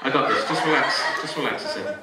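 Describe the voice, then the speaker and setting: A man working as a stage hypnotist in a live show, giving calm suggestions to volunteers and breaking into loud playful commands. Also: mid-range voice, quick pace, over a noisy crowd. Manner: soothing commands switching to loud playful outbursts. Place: large hall with a live audience. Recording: echoey hall from far off, audience noise. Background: laughing audience.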